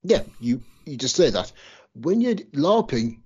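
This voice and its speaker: Husky man, laid-back podcast co-host. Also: mid-range voice, measured pace. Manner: relaxed, hedging with fillers like "kind of". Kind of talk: casual podcast conversation. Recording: dull lo-fi podcast audio.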